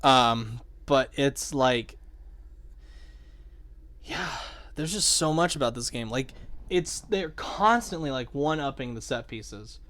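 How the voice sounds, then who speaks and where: A young man chatting excitedly about a video game, swearing and saying "like" a lot as the show's host. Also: mid-range voice, slow, long pauses. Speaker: podcast host. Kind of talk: casual game discussion.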